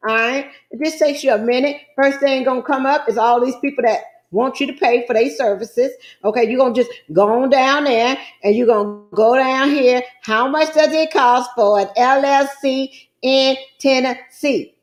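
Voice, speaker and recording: A trucking business coach, a middle-aged woman with a high-pitched voice at normal speed, shares her screen to walk viewers through online business forms. Her delivery is folksy and chatty, and she calls them "guys" and "child."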